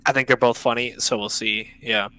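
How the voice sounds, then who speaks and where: A man's voice: medium pitch, steady tone, a little fast, bright, forceful tone, dry recording, poor audio. A young man hosting a casual podcast chat over an online call, enthusiastic and slangy, often cutting himself off mid-sentence. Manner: enthusiastic, slangy, self-interrupting. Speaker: podcast host.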